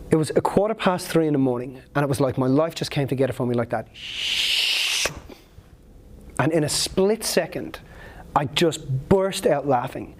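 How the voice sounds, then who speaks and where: A man's voice: mid-range voice, a little mellow. A man speaking at a seminar, telling a personal story in an earnest, emotional, vivid way.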